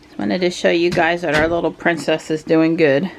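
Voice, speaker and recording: A woman's voice: on the low side, flat delivery, moderate pace, vocal fry, a little hiss or hum. A woman vlogger chatting casually while driving, laughing often. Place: inside a car.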